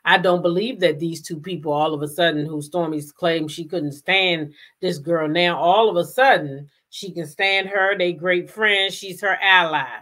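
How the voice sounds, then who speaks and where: A woman's voice: lowish voice, normal speed, hardly any pauses, fairly bright tone. A woman hosting a casual commentary show, talking emphatically, repeating her points and firing off rhetorical questions. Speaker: commentary host.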